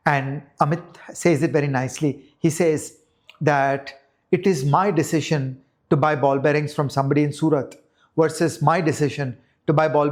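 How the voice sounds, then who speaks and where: A man's voice: on the high side, a little mellow. A man from India, an economist guest on a podcast, making his case emphatically with rhetorical questions and examples. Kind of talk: conversational podcast discussion.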